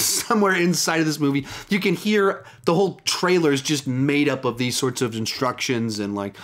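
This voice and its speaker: A man's voice: a little high, animated, normal speed, hardly any pauses, fairly bright tone. A man giving a casual, chatty film review, talking loosely with frequent restarts and asides. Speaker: movie reviewer.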